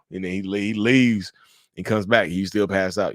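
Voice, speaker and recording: Deep-voiced man hosting a podcast. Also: fairly quick, no echo, studio quality. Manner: animated, acts out angry quotes with profanity. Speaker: podcast host. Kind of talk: casual chat.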